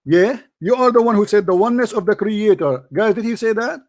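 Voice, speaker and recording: A man with a notably high voice hosts a heated debate. He presses his point relentlessly, circling back to the same question again and again. The sound is dry and close, with no room around it. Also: a little fast, no room sound. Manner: insistent, repeats the same challenge over and over. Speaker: debate host.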